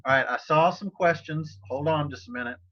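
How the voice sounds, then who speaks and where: A man's voice: on the high side, brisk. A man teaching a Spanish class over a video call, talking casually with many fillers and restarts. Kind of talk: casual online tutoring session. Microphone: computer mic on a video call. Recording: slightly dull video-call audio.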